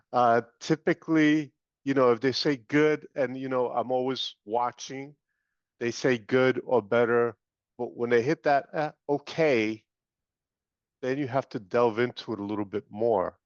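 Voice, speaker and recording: A man's voice: medium pitch, steady tone, unhurried, dry recording. A man joining a video call to ask an informal question, with hesitant fillers. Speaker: participant asking a question. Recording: dull, dry video call audio.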